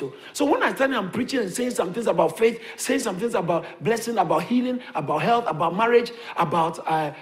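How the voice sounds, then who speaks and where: A male pastor with a high voice that swoops up and down, preaching with lots of repetition. He drives his points home and chuckles between them, calling on the congregation. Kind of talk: sermon.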